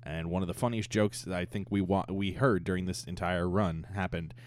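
Young adult male co-host, low-pitched voice, relaxed chatty delivery, easygoing review tone. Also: brisk. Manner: laid-back, frequent "um" and "yeah", laughs at jokes. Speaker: podcast co-host reviewing a cartoon. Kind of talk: casual chat.

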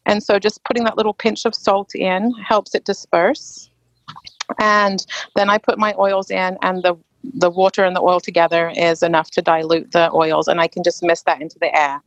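A woman's voice: fairly low pitch, little pitch movement, moderate pace, no echo, dull audio. A woman from England with an East Anglian English accent, hosting a casual live question-and-answer chat, talking loosely with frequent ums and restarts. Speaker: host.

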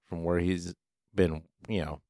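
A man's voice: deep voice, fairly even intonation, measured pace, dark tone, no room sound, clean studio sound. A man co-hosting a fantasy football podcast, talking loosely and casually, with a bit of swearing. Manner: loose, profane, uses workplace analogies. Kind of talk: casual sports chat.

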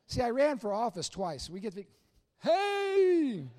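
A middle-aged man preaching a humorous sermon in a church sanctuary. He tells stories with jokes and swings from loud bursts to hushed asides. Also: high-pitched, animated, brisk. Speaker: pastor.

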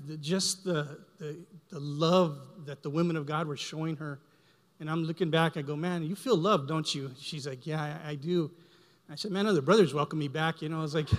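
A middle-aged man giving a heartfelt, halting church testimony, often repeating words as he speaks. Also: a little high. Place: church sanctuary. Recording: long hall reverb.

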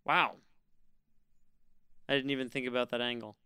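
A man co-hosting a casual podcast chat, making wry deadpan jokes. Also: mid-range voice, moderate pace, crowd noise. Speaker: podcast co-host.

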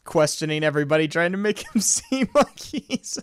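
A man co-hosting a casual podcast, chatting with a friend and laughing through his retellings. His voice sits a little high for a man, and the sound is dry and close, with no room around it. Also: moderate pace, clear, resonant tone, no room sound. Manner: laughs often, recaps scenes with animated retellings. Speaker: podcast co-host. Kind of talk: casual chat.

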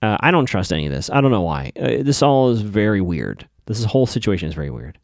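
A man's voice: lowish voice, animated, fast talker, creaky, a little mellow, dry recording, clean studio sound. A man hosting a podcast, giving a casual, opinionated recap of a TV episode with skeptical asides. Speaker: podcast host.

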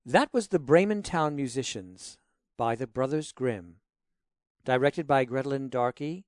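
A man announcing the closing credits of an audio drama in a plain, steady way. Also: medium pitch, measured pace, no room sound, studio quality.

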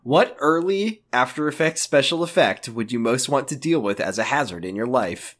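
A man's voice: mid-range voice, animated, moderate pace, a bit bright. A man co-hosting a podcast, chatting in a joking, meandering way with many fillers. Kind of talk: casual chat.

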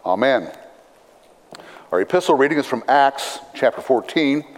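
A pastor giving a sermon, reading scripture in a measured, deliberate way with dry asides. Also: male voice, medium pitch, animated. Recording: long reverb of a large hall.

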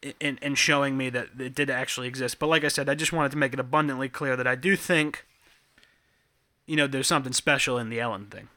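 Bright-voiced young man telling a story. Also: mid-range voice, fast. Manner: animated storyteller, laughs a lot, rambling restarts. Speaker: podcast co-host. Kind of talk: casual chat. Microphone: headphones and studio mic.

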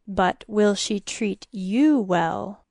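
A fierce old priest who hisses his warnings slowly and gravely, as a woman reading a storybook puts him on. He draws each word out with a quiet, menacing weight. The sound is dry and close. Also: medium pitch, no echo. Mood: ominous. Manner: slow, hissing warnings.

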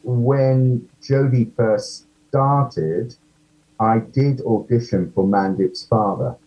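A man's voice: medium pitch, takes it slowly, dark tone, highs cut off. A man, an actor guest, chatting casually in an interview, self-deprecating and full of ums.

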